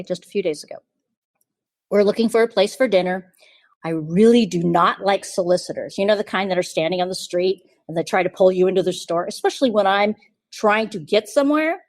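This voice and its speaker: A woman hosts her podcast and tells a personal story. She sounds casual and confiding, and she acts out other people's lines in lively asides. The recording is dry and close, with no room sound. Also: medium pitch, fairly quick, no echo. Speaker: podcast host.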